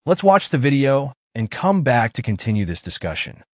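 A man's voice: medium pitch, big pitch swings, moderate pace, no echo, clean studio sound. A man giving emphatic, lecturing news commentary to his online audience.

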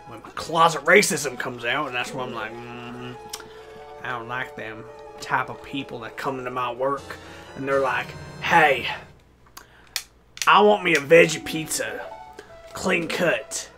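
A young man voicing a grumbling pizza worker in a put-on Southern US drawl, mumbling and low. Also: a little slow, over music, close to an everyday voice.

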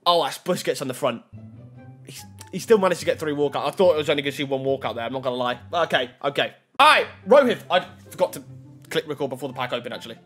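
A young man commentating on opening video game card packs, reacting loudly and excitedly to each card. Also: medium pitch, fast, breathy edge, faint music behind. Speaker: gaming YouTuber.

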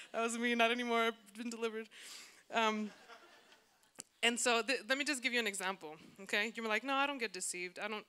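A woman pastor giving a lively, conversational sermon, acting out little asides to the congregation. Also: fairly high pitch, smooth. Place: church.

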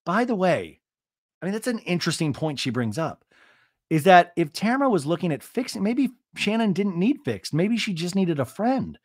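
A man's voice: sits high, sing-song, moderate pace, dry recording, clean studio sound. A man hosting a podcast, giving a casual comic recap in a sarcastic, chatty, exasperated way. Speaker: podcast host. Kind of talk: casual comedic recap commentary.

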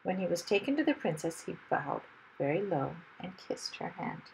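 A woman reading a children's story aloud in a lively, expressive way. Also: lowish voice, normal speed, gravelly, a little hiss or hum, rough recording.

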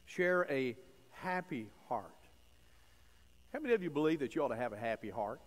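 A man preaching a sermon in a church, folksy and emphatic, dropping to low asides and rising to loud stressed phrases. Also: animated, normal speed. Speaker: pastor. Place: church sanctuary. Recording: long church reverb.

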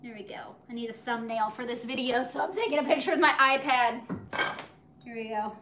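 Bubbly high-voiced woman chatting. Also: a little fast, sharp tone, a little hiss or hum. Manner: bubbly, chatty, talks to viewers and her dog. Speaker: cooking livestream host. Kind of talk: casual live cooking chat. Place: home kitchen. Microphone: phone on a tripod.

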